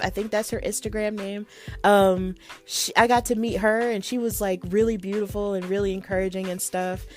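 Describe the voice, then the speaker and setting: Chatty excitable woman podcast host. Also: on the high side. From Alabama, USA. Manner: chatty and excitable, many likes and ums. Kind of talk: casual solo storytelling.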